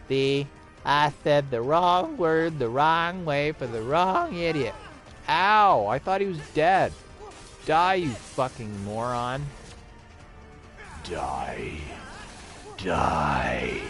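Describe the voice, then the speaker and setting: A man's voice: medium pitch, sing-song, very slow, a bit bright, soft background music. Profane, ranting gameplay commentator man. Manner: crude, profane ranting at the game; mock-dramatic, sometimes sing-song. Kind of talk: let's play commentary.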